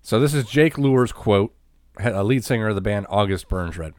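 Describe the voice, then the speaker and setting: A man's voice: fairly low pitch, animated, normal speed, darkish tone, no echo, studio quality. A man co-hosting a casual wrestling podcast, swearing and laughing as he reads quotes aloud. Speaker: podcast co-host. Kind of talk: casual chat.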